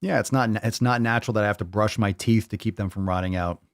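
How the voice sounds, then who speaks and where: A man's voice: fairly low pitch, fast talker, no echo. Blunt, mocking male podcast host. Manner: reads posts aloud and rebuts them. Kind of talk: casual podcast commentary.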